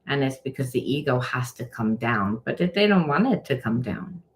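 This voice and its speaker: A middle-aged woman, a tarot reader and trauma coach, gives a casual spoken tarot reading in an extremely low, very animated voice at a moderate pace. The recording is low quality, and she is frank and rambling, using lots of fillers and the occasional curse word.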